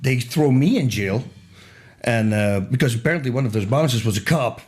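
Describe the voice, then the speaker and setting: A middle-aged man tells a wild anecdote as a podcast guest, recorded close on a studio microphone. He is lively and laughs easily. He keeps his voice at an ordinary pitch and repeats words to land them. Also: moderate pace. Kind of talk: animated anecdote storytelling.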